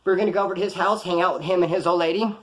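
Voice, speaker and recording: A man's voice: high-pitched, fairly even intonation, racing. A man telling rambling prison and street stories in casual, profane slang. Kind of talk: casual storytelling to camera.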